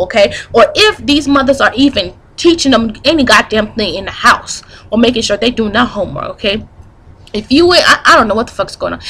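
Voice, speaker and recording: A young woman ranting in a commentary vlog, angry and profane, with many asides and quotes read out slowly. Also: on the high side, a bit bright, rough recording. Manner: reads quotes aloud slowly. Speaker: vlogger commenting on news.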